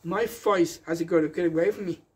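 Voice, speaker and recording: A man's voice: high voice, steady tone, a little fast, slightly rough. A man giving a rambling, defiant public rant, emphatic and repeating himself.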